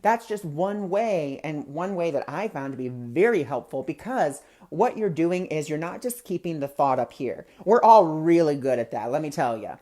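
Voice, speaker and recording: A man's voice: fairly high pitch, expressive, moderate pace, few pauses, warm tone. Male host, spiritual talk, chatty and anecdotal, conversational delivery. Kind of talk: casual spiritual teaching talk.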